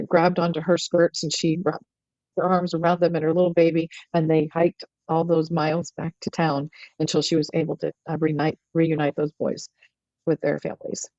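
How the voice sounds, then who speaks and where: A middle-aged woman telling a story as a podcast guest, earnest and animated, often restarting her sentences. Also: deep voice, no room sound. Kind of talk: storytelling in conversation. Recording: dull, lo-fi and dry.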